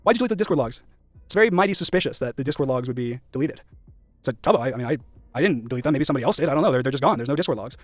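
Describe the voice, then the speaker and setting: A man's voice: medium pitch, expressive, rapid-fire, dry recording, soft background music. A young man streaming, rambling and emphatic, swearing and acting out his past conversations. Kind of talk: casual live-stream rant.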